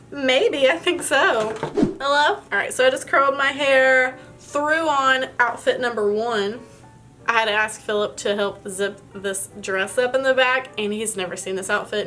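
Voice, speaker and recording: A woman's voice: a little high, fairly bright tone. A young woman telling a story in a casual vlog while doing her makeup, chatty and full of fillers. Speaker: beauty vlogger.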